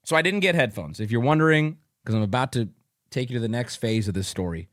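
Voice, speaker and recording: A young man streaming, telling a story to his chat in a casual, profane way with loud outbursts. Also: medium pitch, expressive, fairly quick, dry recording, studio quality.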